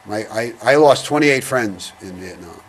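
An older man with a lowish voice recounts memories in a slow, halting, reflective way. A faint hum sits behind him. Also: expressive. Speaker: veteran interviewee. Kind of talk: oral history interview.

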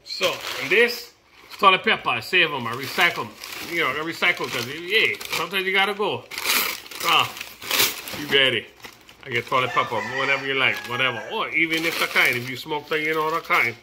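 A middle-aged man from Hawaii with a Hawaiian Pidgin accent, chatting playfully in a home vlog while his daughter films, bursting into shouts and laughter. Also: a little high, lively intonation, brisk, noisy background. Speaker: vlogger. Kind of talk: casual vlog. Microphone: camera held by his daughter.

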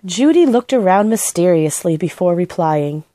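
A woman reading a children's book aloud in a gentle, expressive storytelling manner. Her voice is warm and mellow, and her delivery moves lively up and down. The recording is dry and close. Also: lowish voice, normal speed, dry recording. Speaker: storybook reader.

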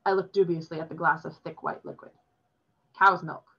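A woman reading a novel aloud in a plain, steady storytelling manner, recorded with dull lo-fi sound. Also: deep voice, fast, breathy edge.

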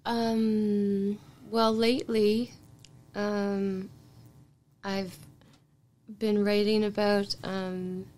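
A woman's voice: mid-range voice, little pitch movement, drawn-out words, long pauses, darkish tone. A woman with a Canadian accent, a songwriter guest in a casual podcast interview, talking in a chatty, reflective way with light laughs.

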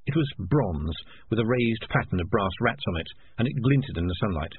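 A man narrating a storybook audiobook in an expressive reading voice. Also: on the low side, normal speed. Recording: tinny lo-fi with faint hiss.

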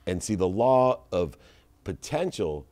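Deep-voiced man telling stories. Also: big pitch swings, darkish tone. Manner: storytelling, slows down to stress advice. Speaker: guest entrepreneur. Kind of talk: casual podcast conversation.

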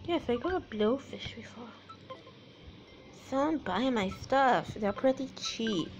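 A woman's voice: on the high side, expressive, slow, rough recording. A woman hosting a casual let's-play, chatty and jokey with rambling asides, music mixed under her voice. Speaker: gaming channel host.

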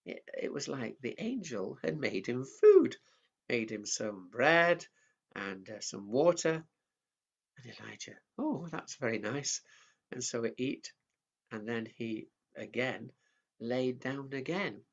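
A man preaching at a family service, telling a Bible story in a gentle, simple way. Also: medium pitch, lively intonation, takes it slowly, creaky. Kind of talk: children's sermon storytelling. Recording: dull lo-fi sound.

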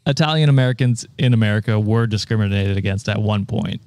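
A man's voice: lowish voice, quick pace, background noise. A man co-hosting a casual podcast, reacting to a reddit post and often trailing off with ums. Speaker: podcast co-host.

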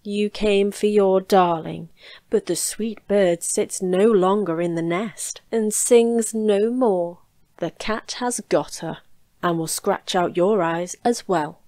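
A hard-hearted old witch from a storybook, drawing out her words slowly in a mocking, threatening way, as a woman reads her out. The voice sits in a middle pitch, and the sound is dry and close, with no room around it. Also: darkish tone, dry recording.

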